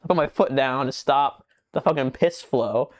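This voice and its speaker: A young man co-hosting a podcast, telling a rambling story in casual chat, swearing a lot and getting animated as he retells it. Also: medium pitch, normal speed. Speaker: podcast co-host.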